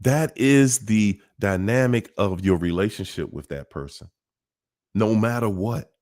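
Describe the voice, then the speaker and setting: A man hosts a casual livestream, speaking at a measured pace in a lowish voice with a darkish tone. He addresses viewers in a repetitive, emphatic and preachy manner.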